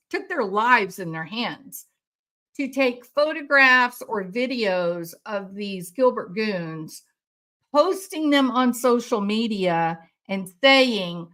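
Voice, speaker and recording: A woman's voice: on the high side, expressive, takes it slowly, fairly bright tone. A woman commenting on a crime case, angry and indignant, with sarcastic rhetorical questions. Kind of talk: impassioned commentary.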